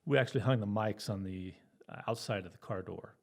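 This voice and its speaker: A middle-aged man recounts his police days in an easygoing, chuckling way. His voice sits fairly low, and he fills his pauses with ums and uhs. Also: gravelly. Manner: easygoing storytelling, often laughing, with fillers. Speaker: guest, retired police officer. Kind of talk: telling his story in an interview.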